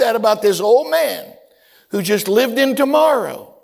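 A man preaching a sermon as a pastor, telling stories in an animated way and often repeating words as he stumbles. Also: sits high, normal speed, vocal fry.

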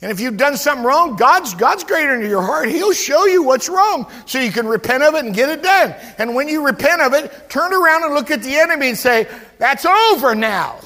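A male pastor preaching a sermon in a church, animated and full of stammered restarts as he acts out quotes. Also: very high voice, brisk, hardly any pauses, long reverb tail.

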